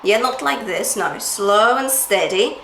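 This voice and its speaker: A woman's voice: lively intonation, a little slow, a bit bright, reverberant, a little hiss or hum. A woman vocal coach giving a singing lesson, encouraging and checking in with "yeah?" and "okay?", breaking off to demonstrate sung phrases. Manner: demonstrates sung phrases and light falsetto between explanations.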